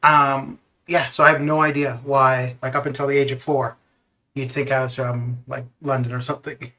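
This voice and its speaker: A man's voice: medium pitch, flat delivery, moderate pace, bright, forceful tone, slight background noise. A man streaming a game and chatting over voice chat, rambling with frequent laughs and restarts. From Canada. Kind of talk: casual chat. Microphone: voice chat over Discord.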